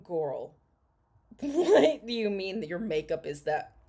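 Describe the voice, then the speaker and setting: Sarcastic woman with a lively voice. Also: mid-range voice, slow pace. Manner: blunt, sarcastic, swears a lot, laughs often. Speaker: commentary vlogger. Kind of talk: casual reaction chat.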